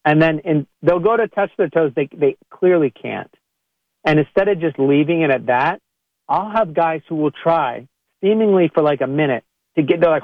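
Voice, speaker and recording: A man, a chiropractor hosting a health podcast, talking casually to listeners and acting out his patients in a higher voice. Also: a little fast, dry recording. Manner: animated, acts out quoted patients in a higher voice. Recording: narrow phone-like sound, dry.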